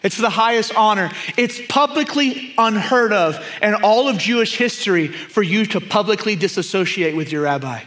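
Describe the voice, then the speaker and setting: A man preaching a sermon, emphatic and repetitive, often dropping to a hushed, intense tone. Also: high-pitched, animated, moderate pace, hardly any pauses. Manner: emphatic, repeats key phrases, drops to hushed intensity.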